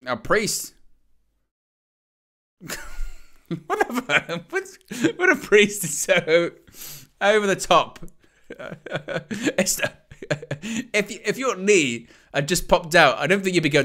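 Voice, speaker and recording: A man's voice: high voice, slow, long pauses. A man hosting a live wrestling watch-along, calling the action with jokes and laughter. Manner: joking, excitable play-by-play with laughs.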